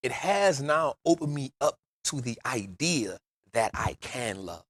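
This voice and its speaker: A man's voice: mid-range voice, animated, measured pace, fairly bright tone, no room sound. A man, telling stories emphatically on a casual podcast, often saying "bro" and "real talk". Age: 40s. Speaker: podcast host.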